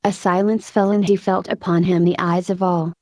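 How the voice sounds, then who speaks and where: A woman narrating an audiobook in a measured, lyrical storytelling manner. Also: lowish voice, little pitch movement, dark tone, no echo. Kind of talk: scripted narration.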